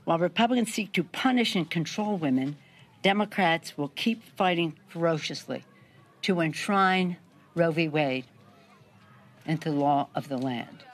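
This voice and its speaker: A woman delivering a forceful, declamatory political speech. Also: low-pitched, unhurried.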